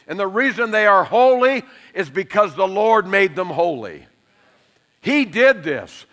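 A middle-aged man preaching a sermon, lively and emphatic, telling funny stories and laughing along. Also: sits high, moderate pace. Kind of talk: sermon with humorous storytelling.

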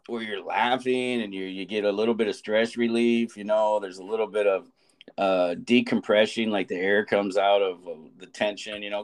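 A man in his forties, a teacher co-hosting a podcast, telling a rambling story with restarts and frequent laughter. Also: lowish voice. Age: 40s. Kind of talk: casual chat.

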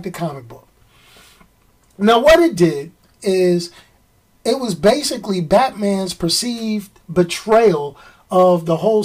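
A man's voice: high voice, recorded from a distance. A man chatting casually about comic books on his video channel, rambling and joking. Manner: animated, rambling, jokey. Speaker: comic book YouTuber. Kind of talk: casual chat.

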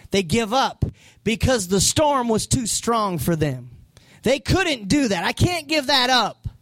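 A man preaching a sermon as pastor, animated and acting out voices from the story. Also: sits high, no room sound.

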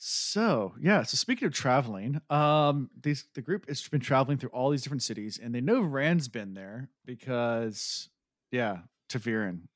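A man's voice: medium pitch, expressive, moderate pace, no echo, studio quality. Rambling man chatting casually. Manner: rambling, full of "like" and "um". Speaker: podcast co-host. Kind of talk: casual chat.

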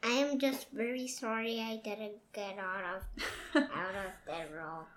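A young woman co-hosting a casual podcast, hesitant and halting, often restarting her sentences. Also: mid-range voice, fairly even intonation, fairly bright tone, reverberant. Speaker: podcast co-host. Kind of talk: casual chat.

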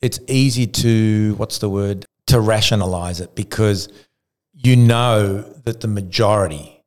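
A man's voice: on the low side, a little slow. A man from Argentina, a retired cyclist and podcast guest, telling a story with lots of restarts and acted-out quotes. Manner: animated storyteller who acts out quotes, frequent restarts. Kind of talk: casual storytelling.

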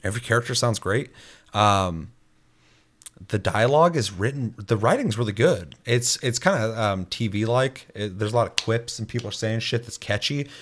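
A man in casual chat, loose and profane, rambling with lots of fillers and quick mimicked asides. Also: lowish voice, animated, a bit bright.

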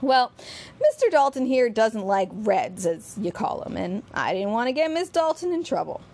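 A woman's voice: on the high side, sing-song, normal speed, darkish tone. A woman reading aloud, voicing a defiant young male activist who protests and presses questions.

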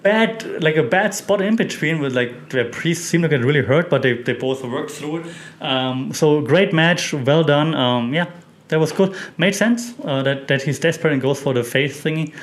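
A man's voice: on the high side, normal speed. A man hosting a casual wrestling recap, chatty and opinionated, with many fillers and restarts. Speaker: wrestling podcast host.

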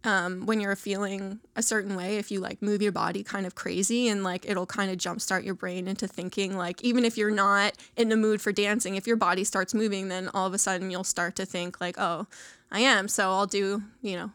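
Casual woman guest, mid pitch, dry close mic, talks loosely with lots of "like". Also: steady tone, a little fast, hardly any pauses, a bit bright, no room sound. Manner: chatty, many fillers, laughs often. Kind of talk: casual interview conversation.

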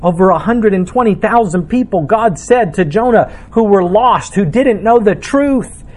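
A man's voice: high-pitched, animated, moderate pace, darkish tone. A man preaching a sermon as pastor, reading scripture and explaining it with emphatic delivery.

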